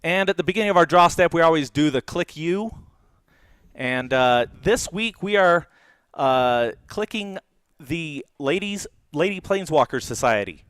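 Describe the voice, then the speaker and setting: A man's voice: fairly high pitch, animated, a little slow, a bit bright, smooth, no room sound. Man, middle-aged, podcast host, rambling casual talk, clean resonant voice. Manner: rambling, laughs often, many fillers.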